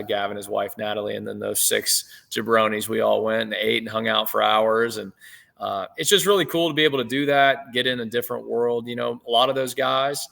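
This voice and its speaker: A man in his late thirties, a head baseball coach, telling stories in a relaxed interview over a video call, with many fillers and restarts. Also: fairly low pitch, vocal fry. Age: 30s. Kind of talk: casual interview chat.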